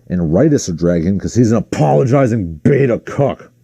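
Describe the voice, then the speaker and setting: A man hosting his own livestream, ranting in casual commentary with a sarcastic, exasperated edge. His voice is lowish and very dark and mellow. The sound is dry and close, with no room around it. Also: animated, a little fast, gravelly, slightly rough, dry recording. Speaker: livestream host.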